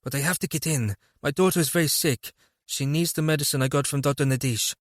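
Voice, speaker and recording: A man reading an audiobook, voicing a frightened young mother in a higher, pleading voice. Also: fast, no room sound, clean studio sound, close to an everyday voice. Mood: urgent.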